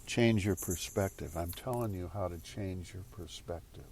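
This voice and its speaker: A man's voice: sits low, normal speed, darkish tone, slight background noise. A man giving a casual motivational talk to viewers, rambling and repeating phrases as he goes. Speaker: spiritual speaker.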